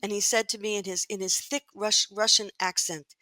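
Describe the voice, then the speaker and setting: A woman's voice: mid-range voice, moderate pace, few pauses, no room sound. A woman in her sixties, a guest in an interview, telling stories from her childhood and acting out the voices of the people in them. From United States. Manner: animated storyteller who acts out quoted voices. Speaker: guest, longtime magazine editor. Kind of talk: storytelling in an interview.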